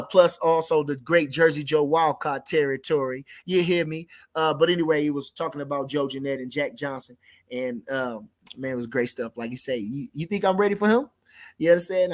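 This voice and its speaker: A man hosting a livestream, reading viewers' comments and chatting about boxing in a rambling, casual way, with lots of restarts and shout-outs. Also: a little high. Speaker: livestream host reading chat.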